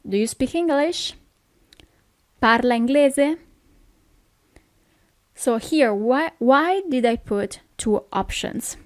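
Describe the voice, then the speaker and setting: An Italian-accented woman giving a recorded language lesson, her voice sitting fairly high. She talks slowly and patiently, pausing to check that the listener follows, and the sound is dry and close with no room around it. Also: dry recording. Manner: patient explaining, often checks with "okay?". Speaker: language teacher.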